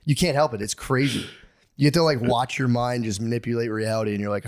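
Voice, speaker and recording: Casting: man, 30s, comedy podcast co-host, loose rambling delivery, mid-range voice, jumps to shrill yelps when quoting. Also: fairly even intonation, fast, dry recording, clean studio sound. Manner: rambling, acts out quotes with sudden high yelps. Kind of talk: casual comedic chat.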